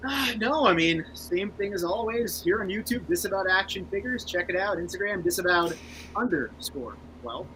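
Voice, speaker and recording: A man's voice: sits high, animated, normal speed, pushed and bright, a little hiss or hum, rough recording. A man co-hosting a casual podcast in an easygoing way. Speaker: podcast co-host. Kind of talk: casual chat.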